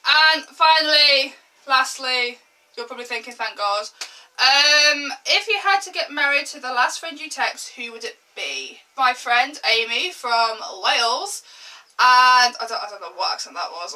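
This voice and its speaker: A woman in her twenties chatting through a get-ready-with-me vlog, lively and exaggerating for laughs, swearing freely. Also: high voice, recorded from a distance, rough recording. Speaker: beauty vlogger.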